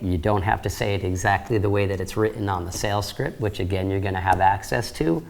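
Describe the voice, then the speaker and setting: A man's voice: fairly low pitch, vocal fry. A man giving a sales training lecture, coaching trainees in an upbeat, direct way.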